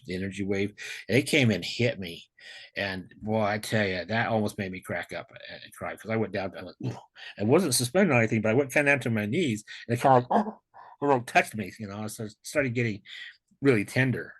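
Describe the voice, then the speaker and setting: On a video call, a man tells the story of a near-death experience in a casual way, excited and rambling, restarting often and dropping slang. His voice sits on the low side with a breathy edge.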